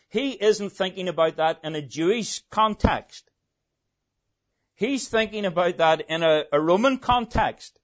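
A man preaching a sermon, telling the story dramatically and swinging between loud emphasis and hushed asides. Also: high-pitched, expressive, slow pace. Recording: dull lo-fi recording.

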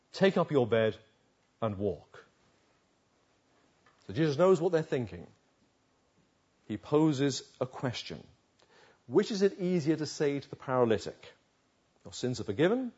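A man's voice: mid-range voice, darkish tone, slightly rough, lo-fi sound. A man preaching a sermon on a Bible passage, retelling it vividly and asking the listeners rhetorical questions.

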